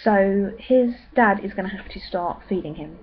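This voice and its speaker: A young woman chatting in a rambling way with many pauses and ums. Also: medium pitch, dull audio, a little hiss or hum. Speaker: vlogger. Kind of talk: casual pregnancy update vlog.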